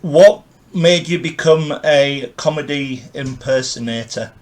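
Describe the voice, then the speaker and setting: A man's voice: fairly high pitch, slow. A man hosting a podcast interview, asking questions hesitantly and repeating his words. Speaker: podcast host.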